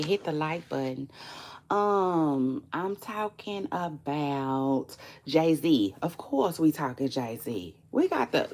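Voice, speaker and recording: A woman vlogging in casual chat to camera, animated, profane and chatty, talking straight to her viewers. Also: deep voice.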